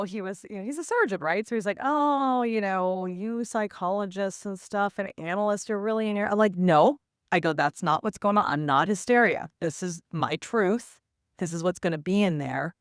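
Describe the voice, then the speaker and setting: Woman in her fifties, casual storytelling, lively ups and downs, dry close sound. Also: deep voice, dry recording. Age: 50s. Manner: animated, quotes others in lively asides.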